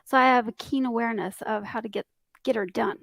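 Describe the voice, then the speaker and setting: A high-pitched woman speaking as a life coach in a loose podcast chat. She is upbeat and talkative and laughs often between points. The sound is dry and close. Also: fairly even intonation, fast talker, vocal fry, fairly bright tone, dry recording, low-quality recording. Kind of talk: casual motivational podcast chat.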